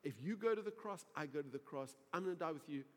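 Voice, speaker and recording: A man's voice: fairly high pitch, animated, fast talker, pitched below the performer's own voice. A man voicing an eager disciple who insists on his loyalty in a chummy way. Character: eager, boastful fisherman disciple, grown man. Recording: reverberant hall.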